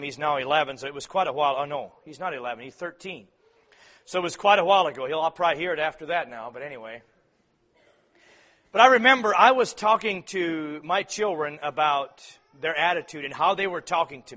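Male preacher, high bright voice, sermon delivery moving between forceful emphasis and quiet asides. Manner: swings from loud emphatic peaks to soft quiet asides.

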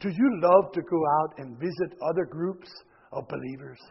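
A man preaching a sermon, swinging from loud exhortation to hushed near-whispers, often repeating words and restarting. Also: a little high, moderate pace, vocal fry, breathy edge. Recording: dull lo-fi recording with long hall reverb.

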